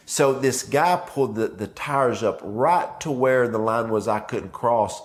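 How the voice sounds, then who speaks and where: A man's voice: mid-range voice, a little slow, few pauses. Male minister, easygoing devotional talk that slips into quoted voices. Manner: conversational, acts out quotes. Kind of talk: devotional video message.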